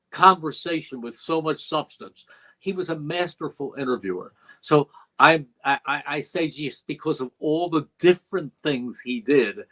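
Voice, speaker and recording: With a voice that runs a little high, an older former play-by-play radio announcer shares stories during an interview in an earnest, thoughtful way, acting out the lines of others. The recording quality is low.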